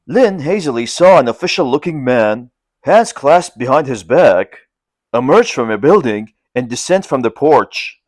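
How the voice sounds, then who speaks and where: A man narrating a classic novel as an audiobook, in measured storytelling. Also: no room sound. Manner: measured storytelling, lively in pitch.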